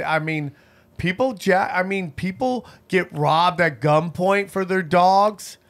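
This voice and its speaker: A man hosting a casual podcast, his voice sitting a little high for a man. He tells quick joking stories with lively energy. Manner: joking storyteller, animated. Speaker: podcast host.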